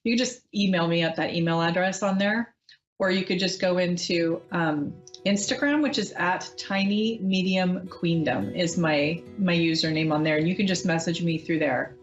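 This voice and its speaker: A woman hosting a live call-in psychic radio show, talking in a gentle, reassuring way with frequent ums. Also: fairly low pitch, normal speed, lo-fi sound, soft background music.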